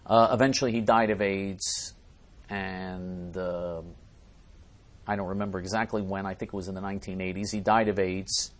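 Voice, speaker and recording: A man hosting a talk show, delivering an emphatic, scornful monologue with many restarts and sudden swings in loudness. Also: low-pitched, fairly even intonation, moderate pace. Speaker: talk show host reading listener messages. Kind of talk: ranting monologue.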